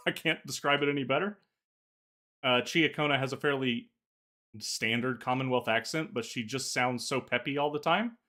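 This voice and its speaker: Bright-voiced man chatting casually. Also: mid-range voice. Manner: opinionated, laughs at his own jokes, stammers on restarts. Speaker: podcast co-host. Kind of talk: casual chat.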